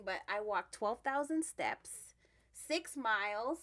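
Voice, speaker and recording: A middle-aged woman co-hosts a podcast, telling stories in casual chat and laughing often. Her voice sits on the high side, expressive and a little slow.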